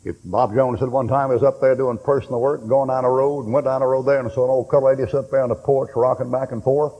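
A man's voice: medium pitch, slightly rough, highs cut off. A man preaching a sermon in a folksy storytelling way, acting out the voices in his stories. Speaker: pastor. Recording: reverberant hall recording.

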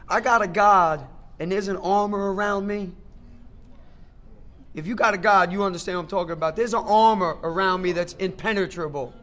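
High-voiced man giving an emphatic testimony. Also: normal speed, a bit bright. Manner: emphatic, conversational, repeats phrases for effect; talks straight to the crowd. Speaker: recovery meeting speaker. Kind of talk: personal recovery testimony.

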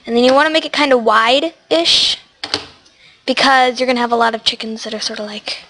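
Fairly high, bright and pushed, this teen girl's voice keeps a steady tone at a fairly quick pace, sounding stuffy and sniffly as she rambles through a chatty gameplay tutorial on her gaming channel. She addresses the in-game animals, and a little hiss or hum sits in the recording.

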